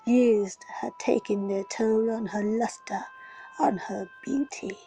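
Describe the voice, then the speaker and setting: A woman reading a fantasy story aloud in a breathy, dramatic whisper. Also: fairly high pitch, fairly even intonation, unhurried, mellow, slight background noise, rough recording. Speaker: reader.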